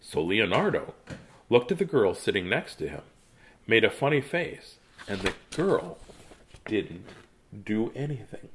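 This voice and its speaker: A man's voice: lowish voice, big pitch swings, a little slow, pauses often, a little hiss or hum. A middle-aged man casually reading children's books aloud, with jokey asides between pages. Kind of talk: casual read-aloud to a live chat.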